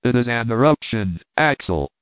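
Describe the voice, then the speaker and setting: A man reading as a calm, unshakeable old professor. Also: medium pitch, moderate pace, clean tone, no echo, close to an everyday voice. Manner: calm, self-possessed. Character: calm, unflappable older male professor. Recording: dry, phone-like narrow sound.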